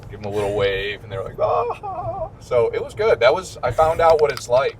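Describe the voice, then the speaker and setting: A man with a Midwestern American accent, a priest hosting a casual chat during a car ride and telling stories with lively quotes. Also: medium pitch, quick pace, a little hiss or hum. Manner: chatty, storytelling with mimicked quotes. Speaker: priest and podcast host.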